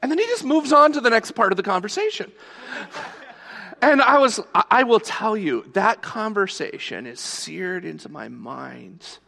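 A man's voice: high voice, very animated, normal speed, creaky, pushed and bright, in a large hall. A male pastor preaching a sermon, telling a personal story in a conversational storytelling way.

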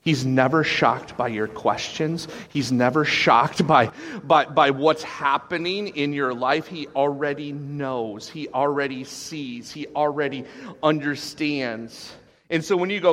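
A man preaching a sermon, animated, acting out quoted voices with sudden jumps in pitch. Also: a little slow. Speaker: pastor.

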